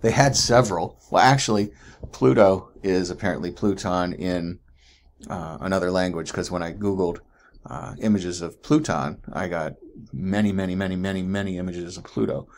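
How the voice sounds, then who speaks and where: A man's voice: low-pitched, fairly even intonation, moderate pace, a little hiss or hum. A man teaching geology in a chatty recorded lecture, often asking "right?" and correcting himself as he goes.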